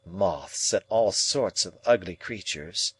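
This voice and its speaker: A man's voice: sits low, expressive, slow pace, a bit bright, slightly rough, heavily acted. A man reading a proud, cool young woman. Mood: dismissive.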